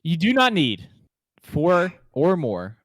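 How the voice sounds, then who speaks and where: A man's voice: a little high, huge pitch swings, takes it slowly, dry recording. A man co-hosting a gaming podcast, chatting casually and joking, with rambling sentences full of fillers. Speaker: podcast co-host. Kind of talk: casual chat.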